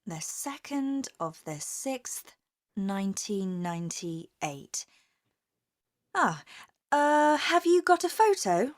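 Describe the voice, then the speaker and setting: A woman's voice: medium pitch, sing-song, slow. A woman with a British accent playing a polite office clerk who asks questions and reads the answers back in a scripted coursebook dialogue. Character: polite female office clerk issuing a card.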